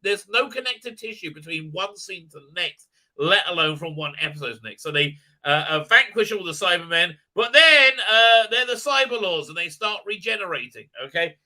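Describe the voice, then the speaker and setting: A man with a high, bright, sharply edged voice rambles through a casual episode review. He stumbles over fillers and restarts, and his tone stays dry and sarcastic. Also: animated, normal speed. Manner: mocking put-on voices for characters. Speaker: video reviewer.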